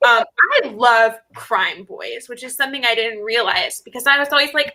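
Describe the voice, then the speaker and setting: A woman's voice: fairly high pitch, normal speed, sharp tone, rough recording. A woman in casual chat on a video call, gushing and playfully dramatic, laughing often. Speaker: indie bookseller guest.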